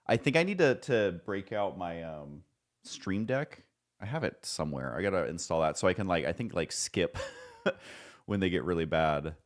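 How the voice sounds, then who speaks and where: A man's voice: low voice, expressive, normal speed. A man streaming live, chatting casually and rambling, joking at his own expense and swearing now and then.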